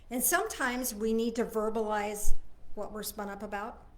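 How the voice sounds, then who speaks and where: A woman minister giving an informal Sunday service talk. She speaks conversationally, checks in with her listeners, and moves between soft asides and emphatic points. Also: medium pitch, steady tone, moderate pace. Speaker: spiritual minister.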